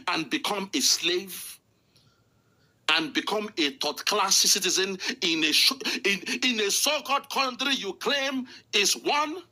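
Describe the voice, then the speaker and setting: A man's voice: a little high, bright, forceful tone, husky. Furious Nigerian man ranting. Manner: furious, insulting, repetitive ranting. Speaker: political commentator. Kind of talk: angry political rant.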